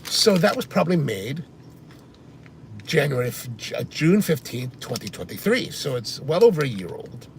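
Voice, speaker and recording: Male car vlogger, casual and rambling, gravelly voice, faint road noise. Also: a little high, sing-song, moderate pace. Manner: chatty, rambling, answers viewer comments. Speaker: coffee vlogger. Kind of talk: casual chat while driving. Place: inside a car on the highway.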